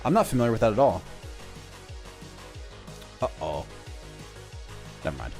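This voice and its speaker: A man's voice: on the low side, big pitch swings, unhurried, darkish tone. A man streaming a game, chatting casually with viewers in playful, teasing, mock-insulting banter, with music playing behind him.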